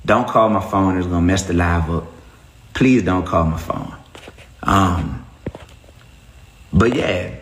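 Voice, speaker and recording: A man speaks on a phone livestream in a fairly low voice. He presses his points emphatically, like a preacher, and breaks off to greet viewers. The room adds a noticeable echo. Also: slow pace, long pauses, a little hiss or hum. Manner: preachy, emphatic, shout-outs to chat. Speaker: rapper on a livestream. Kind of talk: casual livestream talk to viewers.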